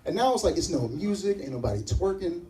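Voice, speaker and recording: Recorded from a distance with slight background noise, this low-quality clip captures a young man with a high voice speaking fast during a live stand-up set. He tells animated stories and plays the other characters himself.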